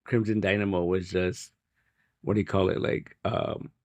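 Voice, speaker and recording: A man's voice: low voice, level tone, normal speed, a little mellow, no echo, muffled recording. A man co-hosting a casual podcast, rambling with lots of "like" and frequent swearing as he recounts scenes. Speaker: podcast co-host. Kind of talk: casual chat about comic book movies.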